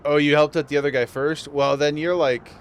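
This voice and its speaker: A man's voice: on the high side, fairly even intonation, fairly quick, slight background noise. A man streaming a game, chatting casually with viewers and laughing often. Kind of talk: casual live-stream chat while gaming.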